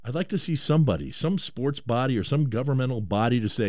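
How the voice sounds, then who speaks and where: A man hosting a talk radio show, animated and rambling, often stammering and repeating words. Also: medium pitch, fast talker, dry recording, clean studio sound. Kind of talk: casual talk radio banter.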